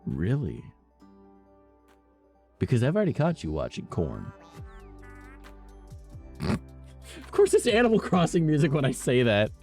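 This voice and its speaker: A young man on stream chats casually while gaming, rambling through stories full of swearing, self-amused laughter, and frequent "right?" and "all right?". He has a medium-pitched, slightly mellow voice with huge pitch swings, speaking a little slowly and pausing often over faint game music.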